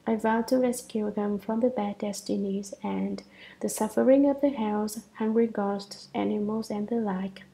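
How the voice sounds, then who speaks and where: A devout young woman pleads solemnly as she makes her vow, read by a woman. The voice is gravelly, with a mellow, dark warmth. Her manner stays earnest and reverent. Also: mid-range voice, steady tone, normal speed, natural voice, low-quality recording. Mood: solemn pleading.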